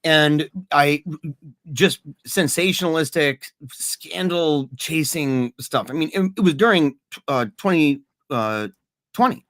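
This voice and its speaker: Male podcast co-host, animated and earnest, fairly high voice, dry close-mic sound. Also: slow, dry recording. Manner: animated, earnest, laughs often, repeats words. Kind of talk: casual podcast conversation.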